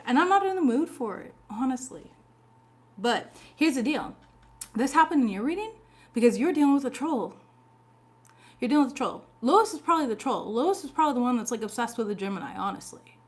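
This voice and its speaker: A woman with a slightly high voice gives a casual tarot reading. She talks in a chatty, blunt and sassy way, swears freely, and laughs often between her points. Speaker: tarot reader.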